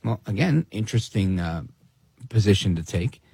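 Animated, gravelly-voiced male radio host. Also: lowish voice, moderate pace, no echo. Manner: animated and sarcastic, mimics people in quoted asides. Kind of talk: opinionated radio commentary.

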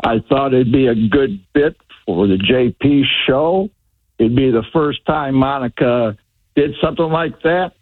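A man's voice: mid-range voice, measured pace, no echo. A man calling in to a radio show, rambling and hesitant with many fillers, heard over a phone line. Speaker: caller. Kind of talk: call-in radio chat. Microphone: telephone.

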